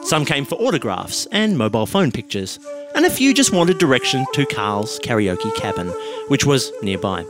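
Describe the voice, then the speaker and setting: A man hosting a podcast, reading out an absurd comic story with a deadpan manner. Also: medium pitch, moderate pace. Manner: deadpan, laughing at his own jokes. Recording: music playing under the voice.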